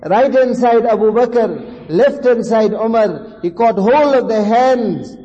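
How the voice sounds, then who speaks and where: A man's voice: very high voice, slow pace, dark tone, in a large hall, lo-fi sound. A man preaching a sermon, telling stories with fervour and repeating lines for emphasis. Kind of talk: sermon storytelling.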